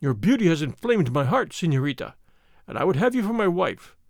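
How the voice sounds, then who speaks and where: A man's voice: on the high side, big pitch swings, a little fast, gravelly, no echo, studio quality. A man voicing an arrogant army captain in an audiobook, purring and sneering as he presses his suit. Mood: wooing. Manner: sneering, overbearing. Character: arrogant bold army captain suitor, male. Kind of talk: audiobook character reading.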